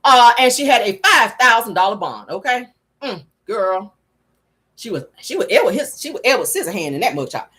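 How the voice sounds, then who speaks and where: A woman's voice: on the high side, sing-song, moderate pace, bright, forceful tone. A woman vlogger giving sassy, blunt gossip commentary from her car, laughing often and swearing freely. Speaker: vlogger and show host.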